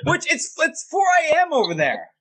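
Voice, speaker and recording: A man with a high, bright, animated voice hosts a casual podcast over a video call. He jokes loosely and swears freely. His pitch jumps all over as he talks. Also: normal speed, rough recording. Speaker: podcast host.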